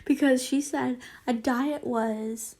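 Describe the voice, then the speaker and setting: A young woman reads fanfiction aloud at an unhurried pace, her high voice carrying a gravelly edge. She rambles off topic, giggling and apologizing between passages. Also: steady tone, mellow. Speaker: fanfiction reader. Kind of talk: casual reading with chatty asides.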